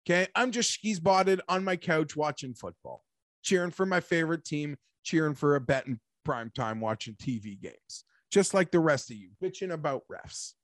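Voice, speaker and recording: A man hosting a casual sports talk show, animated and rambling, talking like an emphatic fan. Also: on the high side, moderate pace, no echo, clean studio sound. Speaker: sports podcast host.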